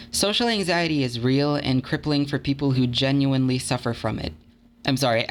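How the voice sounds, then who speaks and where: A man's voice: medium pitch, a bit bright. Earnest young man narrating a video essay. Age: young adult. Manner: earnest, conversational, self-deprecating.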